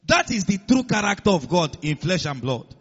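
A man's voice: high voice, sing-song, moderate pace, fairly bright tone, husky, dull audio. A man preaching a sermon, emphatic, quoting scripture and calling on the congregation to follow along. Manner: emphatic, calls on the congregation to respond.

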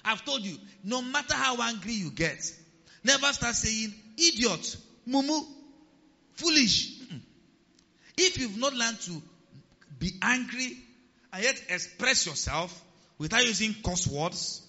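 A man's voice: high-pitched, unhurried, in a large hall, lo-fi sound. A man preaching a sermon as pastor, humorous, acting out quotes in different voices. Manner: lively, humorous, acts out quotes.

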